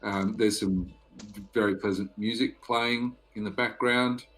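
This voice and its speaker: A man narrating as game master for a tabletop game, halting with many fillers and pauses. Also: lowish voice, fairly even intonation, fairly bright tone, faint music behind.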